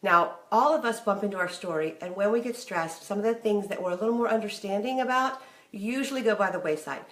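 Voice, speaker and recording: A woman's voice: mid-range voice, brisk, a bit bright, reverberant. A middle-aged woman giving candid, chatty marriage advice to camera and acting out bits of remembered conversations. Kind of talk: casual talk to camera.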